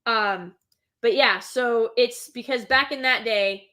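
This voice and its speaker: A woman host chatting casually about a film she loves, gushing and excitable, with lots of filler words. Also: on the high side, slow pace. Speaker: host reviewing an animated film. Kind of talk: casual chat.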